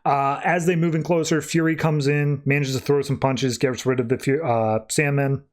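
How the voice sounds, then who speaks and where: A man with a fairly high, evenly intoned voice hosts a podcast, recapping comic issues casually. He runs through scenes loosely and tosses in quick, offhand voices for the characters.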